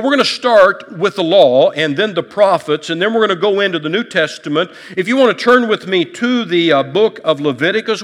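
A man's voice: high-pitched, a bit bright, big-room sound. A male pastor preaching a sermon in a conversational, folksy way, with light humor and frequent restarts. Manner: repeats words and restarts often.

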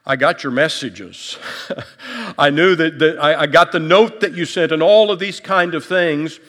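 A man's voice: a little high, unhurried, fairly bright tone, in a large hall. A male pastor preaching a sermon in a conversational, folksy way, with light humor and frequent restarts. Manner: repeats words and restarts often.

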